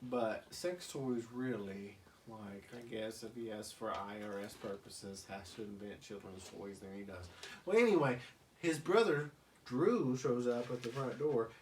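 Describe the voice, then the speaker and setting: A man telling a crude, rambling comedic story to friends in a deadpan way, recorded from a distance. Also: mid-range voice, measured pace, slight background noise.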